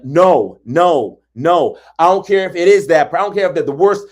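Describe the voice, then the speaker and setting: A man's voice: a little high, moderate pace, hardly any pauses, darkish tone. A man giving a motivational relationship talk, emphatic and colloquial, hammering points with repetition and acting out quotes. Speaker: relationship coach.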